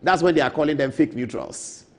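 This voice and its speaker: A man's voice: a little high, fairly quick. A man with a Ghanaian English accent giving emphatic political commentary in a TV studio, repeating his key points and slipping into storytelling asides.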